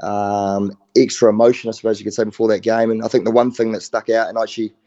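A man's voice: fairly low pitch, flat delivery, fast, warm tone, lo-fi sound. A middle-aged man with a New Zealand accent, a former rugby player talking casually as a guest, easygoing and full of "mate". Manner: laid-back, says mate a lot. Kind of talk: casual phone interview.

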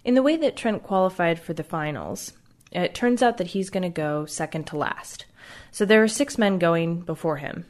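A woman's voice: lowish voice, animated, moderate pace. A woman hosting the show, giving scripted narration with dry, wry understatement. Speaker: podcast host and narrator.

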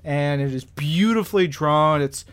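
Enthusiastic man with a higher voice. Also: unhurried, a bit bright, clean tone. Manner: enthusiastic, rambling, many fillers. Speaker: podcast host. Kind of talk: casual chat about comics.

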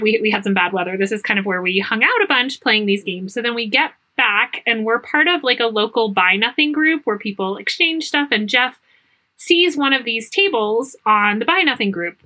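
A woman's voice: on the high side, sharp tone. A woman co-hosting a podcast, chatting casually and laughing easily. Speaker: podcast co-host. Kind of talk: casual chat.

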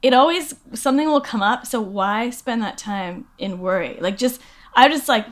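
Woman, actress guest, slightly high voice, rambling casual chat, self-deprecating. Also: moderate pace.

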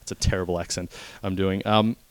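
A man co-hosting a casual film review chat, wry and opinionated in a relaxed way. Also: low-pitched, a little fast, clean tone, no echo.

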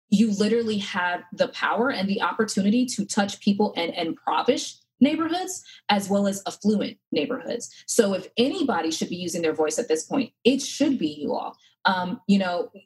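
A woman in her thirties, a podcast guest, tells her story earnestly and with feeling in casual interview talk, full of fillers and restarts. Her voice is on the low side and slightly rough, in a low-quality recording.

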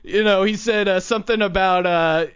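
A young man with a high, smooth voice and fairly bright tone hosts a casual talk show, telling stories and laughing often. He speaks at a normal speed in a steady tone, and the recording has a dull, lo-fi sound.

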